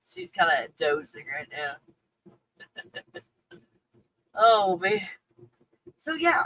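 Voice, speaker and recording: A woman's voice: on the high side, fairly bright tone, slight background noise, rough recording. A woman from Texas with a faint Texas accent, chatting casually on a livestream, reading viewer comments, swearing freely and laughing often. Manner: profane and candid, laughs often.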